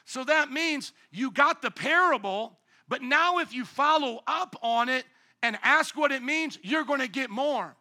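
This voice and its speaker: A male pastor delivering a sermon in a high, piercing, bright tone. He preaches with animation, slipping into acted-out voices and bursting into shouts for emphasis. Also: expressive, unhurried.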